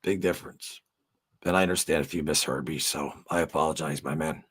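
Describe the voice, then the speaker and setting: A man's voice: rumbling low, fairly even intonation, brisk, a bit bright, breathy edge. A middle-aged man hosting a livestream, chatting loosely with viewers, rambling with lots of fillers and swearing freely. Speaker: livestream host. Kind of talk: casual livestream chat with viewers.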